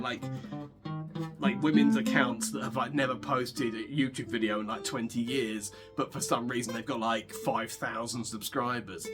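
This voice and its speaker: Young male guitar vlogger, loose joking ramble between practice, clear guitar behind. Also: medium pitch. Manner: rambling, joking, many restarts. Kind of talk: casual chat while practicing guitar. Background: guitar playing.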